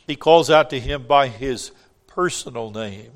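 A man preaching a sermon, swinging between loud emphatic lines and hushed ones, with emphatic repetition. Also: mid-range voice, measured pace.

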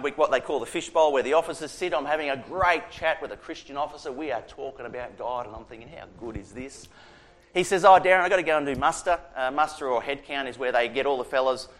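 A middle-aged Australian man, a prison chaplain, telling a personal faith story in a conversational way, acting out the dialogue. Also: mid-range voice. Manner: conversational, animated retelling with quoted dialogue. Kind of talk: storytelling testimony.

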